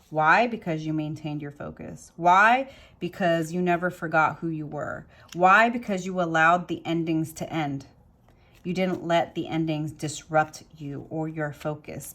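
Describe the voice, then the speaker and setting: Impassioned woman giving a tarot reading. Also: lowish voice. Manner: impassioned, emphatic, builds with rhetorical questions; repetitive motivational phrasing. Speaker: tarot reader. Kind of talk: tarot card reading to camera.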